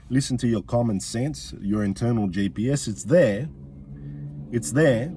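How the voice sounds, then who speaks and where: A man's voice: medium pitch, moderate pace, dark tone, a little hiss or hum. A man, a comedian ranting bluntly and swearing often, repeating his points for emphasis. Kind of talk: profane comic rant.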